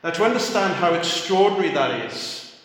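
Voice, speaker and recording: A man preaching a sermon, telling a story and acting out the quoted voices softly. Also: sits high, animated, fairly quick. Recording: echoey hall.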